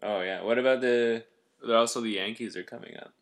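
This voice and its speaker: A man's voice: medium pitch, brisk. A man co-hosting a podcast, chatting in a laid-back, rambling, playful way. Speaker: podcast co-host. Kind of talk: casual comedic chat with improvised interview.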